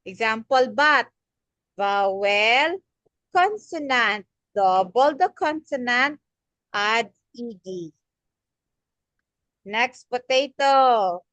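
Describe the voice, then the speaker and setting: Slow, patient woman tutoring English. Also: a little high, expressive, fairly bright tone, dry recording. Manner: slow, patient, repeats words for a young learner. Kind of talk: online one-on-one grammar lesson.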